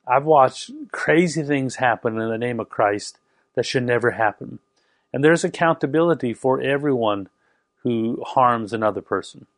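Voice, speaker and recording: A man who grew up in Canada, preaching a sermon and telling a personal story in a conversational, animated way. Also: medium pitch, moderate pace, dry recording, studio quality.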